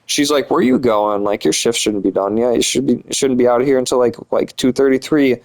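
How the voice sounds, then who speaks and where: A man's voice: mid-range voice, fairly quick, creaky, a little mellow, rough recording. A young man telling a story casually, rambling and swearing a lot, with many filler words. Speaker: vlogger.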